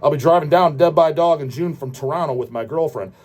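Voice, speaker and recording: A man's voice: fairly high pitch, fast talker, a little mellow. A man hosting a show, answering viewer questions in a profane, ranting casual style. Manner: profane, ranting, repeats goddamn. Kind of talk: casual rant.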